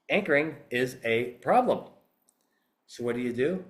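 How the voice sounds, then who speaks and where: A man who is a litigation psychologist, giving an animated, emphatic instructional talk on a podcast. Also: mid-range voice, moderate pace.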